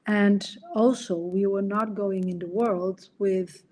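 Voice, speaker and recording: Warm, husky middle-aged woman coach. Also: medium pitch, steady tone, takes it slowly. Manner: earnest, acts out quoted dialogue. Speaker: podcast host and coach. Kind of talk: casual explanatory talk.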